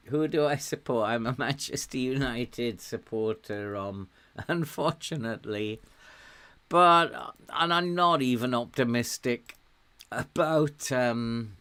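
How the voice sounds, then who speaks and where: Slow-talking man with a soft Welsh accent. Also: mid-range voice, clean tone. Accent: softened Welsh, with some American words. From Wales. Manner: slow, chatty, laughs often while talking. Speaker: game streamer. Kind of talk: casual live-stream commentary.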